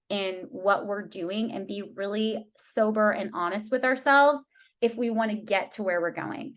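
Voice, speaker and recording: A woman's voice: medium pitch, fairly bright tone. A woman in her thirties, a team leader telling her team an emotional story in a candid talk, with many restarts.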